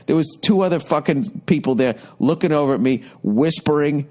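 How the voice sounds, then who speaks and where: Man, 50s, podcast host, rambling comic story, profane, exasperated, fast rants. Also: on the high side, animated, mellow. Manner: profane, exasperated, rapid ranting. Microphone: podcast studio mic.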